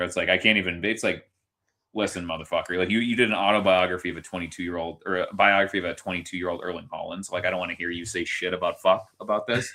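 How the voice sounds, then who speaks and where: A man's voice: low-pitched, fairly even intonation, fast, pushed and bright. A man co-hosting a sports podcast, talking in a heated, profane rant and acting out quoted voices. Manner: heated ranting, swears freely, acts out others in quoted bits. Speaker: podcast co-host. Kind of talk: casual sports chat.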